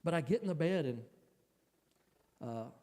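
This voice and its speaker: A man tells his own story from the pulpit, his voice sitting a little high for a man and often catching as he speaks. The delivery is emotional and halting, with stops and restarts. His words ring out with a long reverb from a big church hall. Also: expressive, mellow. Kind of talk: personal testimony sermon. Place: church sanctuary.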